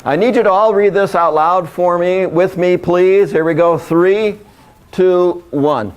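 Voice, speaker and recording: A man with a fairly high voice presents a workshop to a live audience. He is upbeat and playful, tosses in jokes, and pulls the crowd in with direct questions. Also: unhurried, smooth. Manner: lively, joking, engages the audience directly. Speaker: workshop speaker.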